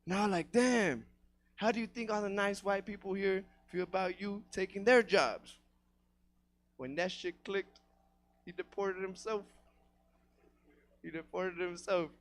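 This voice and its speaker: A man from Kansas doing a stand-up comedy set, delivering crude, profane jokes in a deadpan way. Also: high-pitched, measured pace, long pauses. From Kansas, United States.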